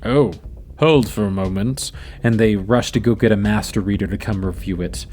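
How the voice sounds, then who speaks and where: A man's voice: lowish voice, normal speed, a little mellow, a little hiss or hum. A man narrating as game master of a tabletop game, playful and vivid.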